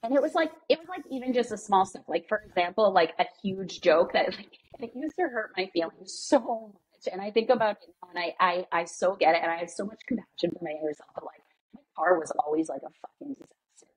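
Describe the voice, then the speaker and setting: A woman's voice: mid-range voice, quick pace, husky, rough recording. A woman in her thirties, a podcast guest telling her story candidly, swearing freely and acting out what other people said. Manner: swears freely, animated, acts out quoted people.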